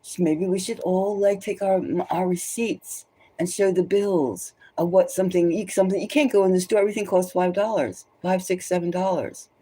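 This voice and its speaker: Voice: mid-range voice, fairly even intonation, moderate pace, warm tone, breathy edge. A tarot reader giving rambling spoken commentary, emphatic and loose, often repeating phrases for stress. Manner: loose and conversational, many restarts.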